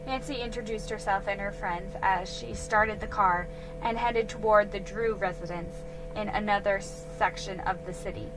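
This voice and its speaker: A woman reading a mystery story aloud in a calm, measured way, over background music. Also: mid-range voice, low-quality recording.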